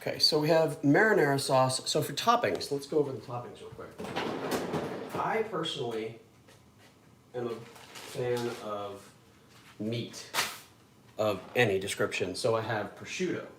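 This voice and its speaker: A man's voice: medium pitch, unhurried, long pauses. A young man chatting casually while cooking one-handed at home, rambling and poking fun at himself. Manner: rambling, self-deprecating, chatty. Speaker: home cook vlogger. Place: home kitchen. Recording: echoey kitchen with loud background noise.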